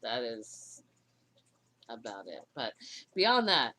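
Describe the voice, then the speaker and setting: A woman co-hosting a livestream, talking in a halting, emotional way with many restarts. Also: very deep voice, big pitch swings, sharp tone. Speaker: livestream co-host. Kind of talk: casual livestream chat.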